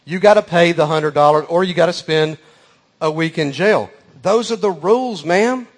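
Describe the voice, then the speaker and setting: A man's voice: fairly high pitch, moderate pace, natural voice. A man voicing a stern, matter-of-fact judge who firmly repeats the rules. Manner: firm, matter-of-fact, repetitive.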